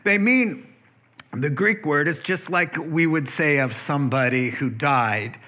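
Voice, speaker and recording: A male pastor preaching a sermon in a conversational, animated way. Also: a little high, measured pace. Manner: conversational, animated, acts out quoted voices. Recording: slightly dull lo-fi recording.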